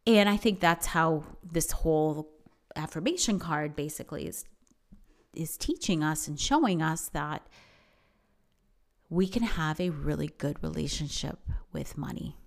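Earnest woman with a lowish voice. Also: unhurried, vocal fry. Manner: earnest, repetitive, many restarts and fillers. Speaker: speaker on affirmations. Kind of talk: casual motivational talk on money mindset.

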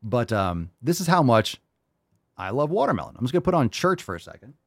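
A man hosts a casual livestream podcast, reading out viewer comments and firing back with crude, sarcastic jokes. His voice swings up and down with lively pitch. It sounds dry and close to the mic. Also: brisk, breathy edge, no echo. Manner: crude, sarcastic, swears a lot; animated, reads viewer comments aloud. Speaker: podcast host.

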